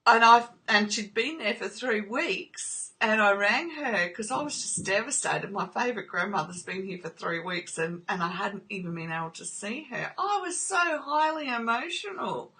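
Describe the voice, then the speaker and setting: An earnest woman talks straight to her listeners and keeps checking in with a gentle "okay?". Her voice is bright and of middle pitch. She becomes openly emotional when she shares stories from her own family. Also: expressive, moderate pace, few pauses. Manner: emotional while telling personal stories. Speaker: trauma recovery video host. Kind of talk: personal talk to camera.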